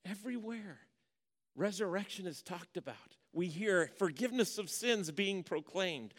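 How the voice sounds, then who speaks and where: A man preaching a sermon, telling a folksy story, going from hushed to emphatic. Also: high voice, lively intonation, moderate pace. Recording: long reverb of a large hall.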